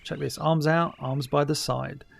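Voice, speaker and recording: A man's voice: a little high, steady tone, unhurried, gravelly, a little hiss or hum. A middle-aged man giving a casual, chatty commentary over an old cartoon, wry and mock-dismissive. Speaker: commentary host.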